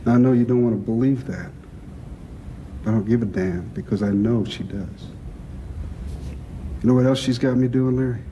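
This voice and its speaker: An actor playing an older crime boss with a gruff, gravelly, blunt and profane way of talking, in a film scene. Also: male voice, mid-range voice, moderate pace, pauses often, mellow, highs cut off, a little hiss or hum, close to an everyday voice. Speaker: crime boss planning a heist. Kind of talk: film dialogue.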